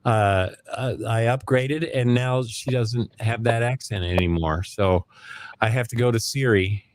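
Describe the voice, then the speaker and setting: A man's voice: medium pitch, a little slow, dry recording. A middle-aged man hosting a live online hangout, talking in a rambling, joking way with lots of ums, over a video call. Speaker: live stream host. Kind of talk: casual chat.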